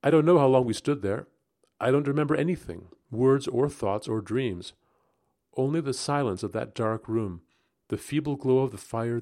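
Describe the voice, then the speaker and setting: A man narrating a gothic story aloud in the first person, expressive and rising into agitation at tense moments. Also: mid-range voice. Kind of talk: dramatic audiobook narration.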